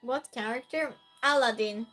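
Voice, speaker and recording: A woman hosts a relaxed live-stream quiz. Her voice sits high and sounds bright and clear. She talks slowly, greets viewers one by one and reads their messages aloud, with faint music playing behind her. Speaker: streamer hosting a chat game. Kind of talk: casual live-stream chat.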